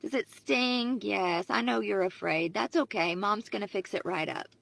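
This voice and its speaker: A woman acting out a gentle, attuned mother comforting a hurt child. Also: mid-range voice, normal speed, vocal fry, dry recording. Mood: soothing. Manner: gentle, soothing, coddling. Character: soft tender comforting mother.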